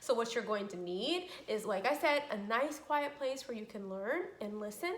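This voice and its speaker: A woman giving a children's speech lesson as a speech therapist, talking slowly with exaggerated, encouraging teacher delivery. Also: on the high side, expressive, roomy sound.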